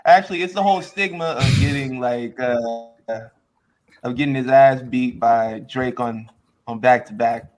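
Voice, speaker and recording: A man's voice: medium pitch, moderate pace, darkish tone. A man co-hosting a podcast in casual chat, teasing and joking with a laugh. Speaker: podcast co-host.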